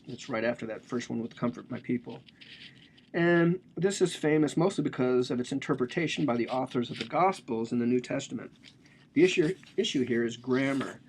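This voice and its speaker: A man's voice: medium pitch, brisk, darkish tone, slight background noise. A man giving a casual, joking lecture on a religious text, explaining it with slang and asides.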